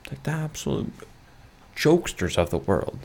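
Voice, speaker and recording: A man's voice: medium pitch, sing-song, normal speed, creaky, darkish tone. A young man hosting a solo podcast from his bedroom, rambling with lots of fillers and restarts, with dry self-mocking humor. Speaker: podcast host. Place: his bedroom, lamp in the corner.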